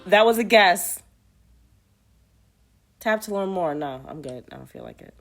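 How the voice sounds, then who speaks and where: Low-voiced woman muttering through a game. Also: sing-song, measured pace, soft background music. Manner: muttering to herself, reading questions aloud. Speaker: player of a trivia app. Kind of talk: casual gameplay commentary.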